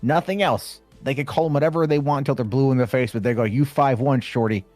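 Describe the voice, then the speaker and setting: A man's voice: medium pitch, quick pace, darkish tone, no room sound. Male caller, casual and rambling, dry sound with faint music. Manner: rambling, restarts, swears casually. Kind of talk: casual call-in chat.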